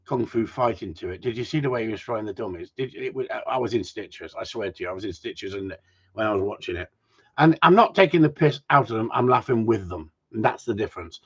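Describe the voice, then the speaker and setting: A man who trains gundogs, chatting casually and telling stories in an animated way, swearing freely and often restarting his sentences. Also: mid-range voice. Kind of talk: casual chat, storytelling. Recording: dull lo-fi recording.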